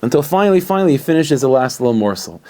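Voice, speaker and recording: A man, a rabbi, telling a story in an animated, conversational way with frequent restarts. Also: medium pitch, very fast.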